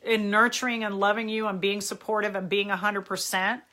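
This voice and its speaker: A woman's voice: medium pitch, level tone, a little fast, sharp tone. A middle-aged woman hosting a live stream, giving earnest, encouraging advice in a casual way and greeting viewers as she goes. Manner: earnest and encouraging, chats with viewers between points. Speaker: host answering viewer questions on a live stream.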